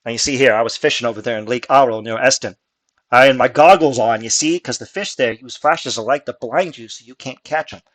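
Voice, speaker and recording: A man's voice: medium pitch, fairly quick, a bit bright, close to an everyday voice. A man doing a drunk old war veteran. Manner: folksy, rambling storyteller drawl. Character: drunk male human veteran telling war stories.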